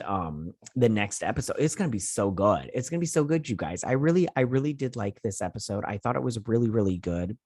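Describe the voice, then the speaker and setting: A man's voice: low voice, a little mellow, no room sound. Rambling man recapping a show, dry close mic. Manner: rambling, filler-heavy retelling with quoted lines and mild cursing. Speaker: host of a TV review channel. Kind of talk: casual episode recap and review.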